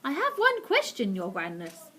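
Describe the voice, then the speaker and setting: A woman's voice: on the high side, huge pitch swings, moderate pace, sharp tone, full character voice. A woman voicing a curious female witch politely asking a question. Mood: inquiring.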